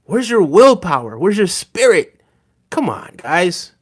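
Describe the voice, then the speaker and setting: A man's voice: sits high, sing-song, unhurried. A man hosting a podcast livestream, talking casually and teasingly to his chat, often tagging on "right?" and chuckling. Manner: conversational, teasing, frequent "right?" asides, chuckling. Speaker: podcast host reading live chat.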